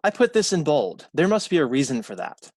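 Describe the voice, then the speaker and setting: A man's voice: a little high, big pitch swings, a little fast, dry recording, studio quality. A man teaching a recorded college math lecture in a conversational way, repeating key points and correcting himself aloud.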